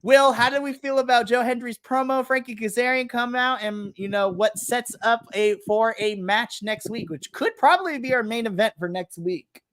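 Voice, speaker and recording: Dramatic, animated woman recapping wrestling. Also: a little high, moderate pace, few pauses, no echo, clean studio sound. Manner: animated, dramatic storytelling with quoted asides. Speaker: podcast co-host. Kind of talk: casual wrestling recap chat. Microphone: remote live-stream call mic.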